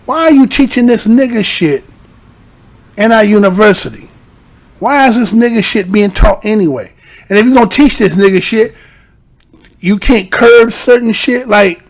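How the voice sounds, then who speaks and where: A man's voice: extremely high pitch, fairly bright tone. A man giving casual, profane vlog commentary, rambling and argumentative, leaning on rhetorical tags like "right?" and "you understand?". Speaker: YouTube commentator.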